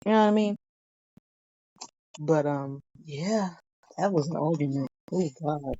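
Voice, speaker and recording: A woman's voice: deep voice, a little slow, warm tone, husky, dry recording, lo-fi sound. A woman, a guest on a casual TV review chat, chatty and laughing as she acts out quotes. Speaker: podcast guest.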